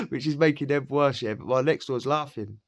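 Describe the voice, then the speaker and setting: A man from Essex with an Essex accent telling a story casually, full of slang, swearing and laughter. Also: medium pitch. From Essex, England. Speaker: podcast storyteller.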